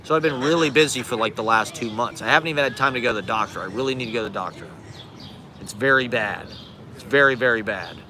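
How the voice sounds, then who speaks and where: A man's voice: mid-range voice, racing, hardly any pauses, bright, forceful tone, a little hiss or hum. A man in his forties live streaming outdoors on a city street from a handheld phone, ranting in a rambling, profane, sarcastic and self-deprecating way. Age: 40s. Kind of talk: casual live stream rant.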